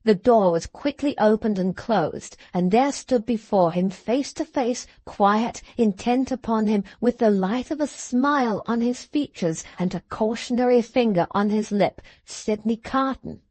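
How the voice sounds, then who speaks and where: Woman with a high, dry storybook narration. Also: measured pace, few pauses, a little mellow, no echo. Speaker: audiobook narrator. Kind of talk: scripted narration of a classic novel.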